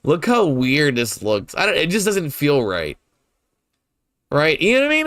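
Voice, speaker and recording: A man's voice: on the high side, huge pitch swings, moderate pace, fairly bright tone, no echo. A young man giving casual, rambling commentary while he streams a game, swearing freely and laughing often.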